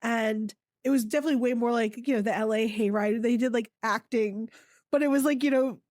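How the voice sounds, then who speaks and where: A woman from Maine tells stories on a podcast with an animated, casual delivery and plenty of laughter. Her voice sits a little high, and the recording is close and dry. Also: a little fast, dry recording. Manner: animated, lots of "like" fillers, laughs. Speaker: podcast co-host. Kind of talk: casual storytelling.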